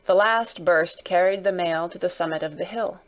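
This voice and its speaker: A woman narrating a classic novel, reading dramatically and raising her voice for the characters' shouted lines. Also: lowish voice, normal speed.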